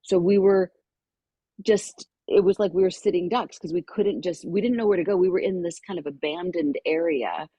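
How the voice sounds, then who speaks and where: Husky low-voiced woman telling a story. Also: moderate pace, no echo, lo-fi sound. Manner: lively storyteller who acts out quoted voices. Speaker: podcast guest. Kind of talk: animated personal storytelling.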